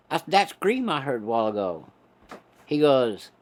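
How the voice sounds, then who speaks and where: A man's voice: medium pitch, very animated, moderate pace. A man telling a casual story in a folksy, profane, laid-back way.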